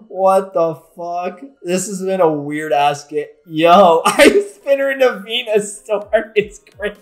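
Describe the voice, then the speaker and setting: A man commentating his own competitive video game match, excitable, with frequent swearing and frustrated outbursts. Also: sits high, slow, soft background music. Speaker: gaming YouTuber.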